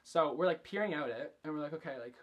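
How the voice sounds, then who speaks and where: A man's voice: fairly high pitch, expressive, fast talker. A young man vlogging, telling a story casually and chattily, swearing a lot and filling every sentence with fillers. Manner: chatty, profane, filler-heavy.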